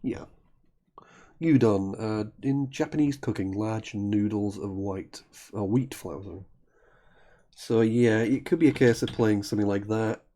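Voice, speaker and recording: Low, mellow-voiced man commentating. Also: a little slow. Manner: thinking aloud, frequent self-corrections. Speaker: Scrabble commentator. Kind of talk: live game commentary.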